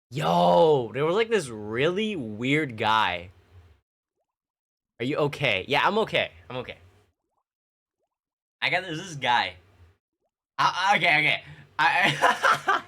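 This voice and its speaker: A young man streaming, casually telling his chat childhood stories in a slangy, laughing way. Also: medium pitch. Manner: animated, laughing, slangy storytelling with many restarts.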